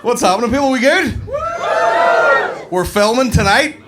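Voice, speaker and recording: A man's voice: extremely high pitch, expressive, normal speed. A young man with a Northern Irish accent doing a sweary stand-up set, bantering with a live crowd. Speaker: stand-up comedian. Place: comedy club stage before a live audience. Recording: live club recording with clear background noise.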